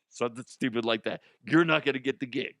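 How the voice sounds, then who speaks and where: A man's voice: medium pitch, fast, fairly bright tone, dry recording, clean studio sound. A man hosting a comedy news show, rambling and profane, often dropping into silly put-on voices.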